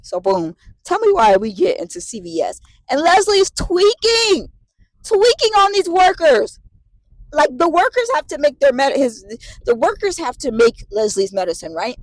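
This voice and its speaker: A woman in her late twenties telling a story to the camera, animated and profane, repeating herself as she vents. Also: extremely high pitch, normal speed, no room sound, poor audio. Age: late 20s. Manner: animated, profane, repetitive venting. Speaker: vlogger.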